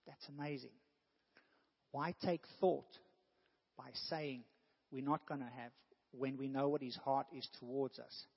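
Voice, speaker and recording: A man's voice: medium pitch, fairly even intonation, a little slow, vocal fry, long pauses, husky. A man preaching a sermon in an earnest way, rising now and then to emphatic bursts. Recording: dull sound with long hall reverb.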